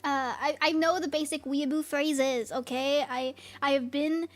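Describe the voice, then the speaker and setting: A woman streaming as a VTuber, chatting casually with viewers in an excitable, giggly, rambling way full of restarts. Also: high voice, unhurried, soft background music.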